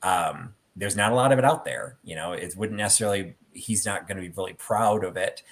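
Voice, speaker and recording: A man's voice: low voice, fairly quick. A middle-aged man hosting a casual chat about theatre collectibles, telling stories with many fillers. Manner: rambling storyteller with many fillers. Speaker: host.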